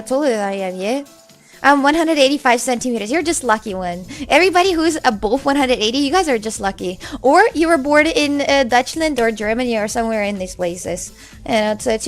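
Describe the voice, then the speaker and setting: Loud, swearing streamer woman. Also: sits high. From Russia. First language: Russian. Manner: loud, swears freely, reads chat aloud. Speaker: livestreamer. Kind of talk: casual live stream chat.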